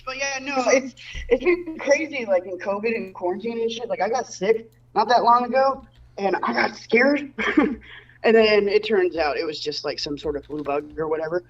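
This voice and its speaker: A woman's voice: mid-range voice, moderate pace, recorded from a distance, lo-fi sound. A woman doing a stand-up comedy set from home over a video call, in a rambling, self-interrupting way. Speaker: stand-up comic. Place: home room.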